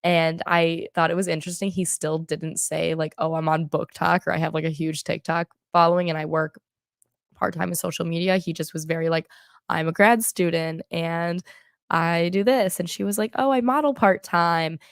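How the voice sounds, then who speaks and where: Chatty young woman with gravelly fry. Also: sits low, level tone, moderate pace, no room sound, studio quality. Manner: chatty, many fillers. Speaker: reality show recap host. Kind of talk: casual recap chat.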